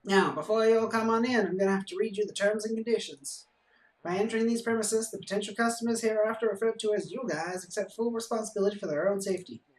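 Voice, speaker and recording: A man voicing a chirpy male barman who loudly reads out long terms and conditions. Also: high voice, steady tone, fast talker, echoey room, far from the mic, pitched above the performer's own voice, close to an everyday voice, low-quality recording. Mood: cheery. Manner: loud, chirpy, rattles off legalese.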